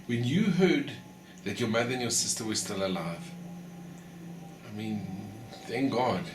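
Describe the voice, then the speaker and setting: A man's voice: on the low side, expressive, a little slow, echoey room, noisy background. A man interviewing a guest, asking brief questions and reacting to the answers.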